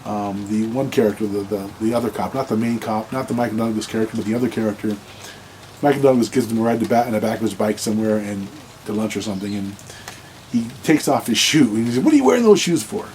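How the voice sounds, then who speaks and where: A man's voice: fairly low pitch, steady tone, fast, a little mellow, slight background noise, low-quality recording. A man giving blunt dating advice in a casual monologue to camera, rambling, restarting sentences and repeating words.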